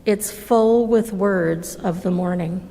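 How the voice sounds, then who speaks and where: Woman, mid pitch, reading a storybook aloud, very slow and careful, gentle, reverberant church hall. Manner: gentle, measured, deliberate reading. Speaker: reader at a church service. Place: church sanctuary. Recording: long reverb of a large hall.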